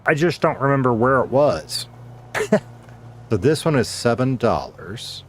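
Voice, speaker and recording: A man with a mid-range, sing-song voice talks a little slowly over slight background noise. He's streaming a game and rambling casually, drifting between talking to himself and greeting his viewers.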